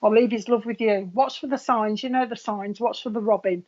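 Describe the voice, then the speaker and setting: A woman's voice: fairly high pitch, steady tone, brisk, darkish tone, muffled recording. A woman working as a psychic medium, giving a live reading in a chatty way with frequent laughs.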